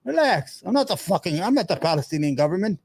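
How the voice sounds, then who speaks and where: A man's voice: a little high, lively intonation, rapid-fire, dark tone, breathy edge, no echo. A man hosting a show, giving heated, profane, rambling commentary on a news clip. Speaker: show host.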